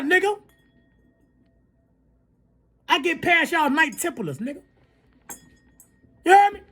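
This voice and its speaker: High-voiced speaker on a fired-up profane rant. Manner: profane, fired up, swings between shouting and muttering; repeats tags like "you heard me" and "you feel me". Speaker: video creator. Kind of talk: heated spoken rant to viewers.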